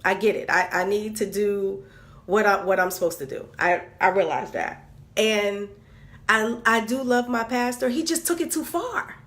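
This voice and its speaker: A woman's voice: medium pitch, steady tone, moderate pace, fairly bright tone. A woman venting candidly on camera, exasperated and repeating herself with stammered restarts. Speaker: vlogger.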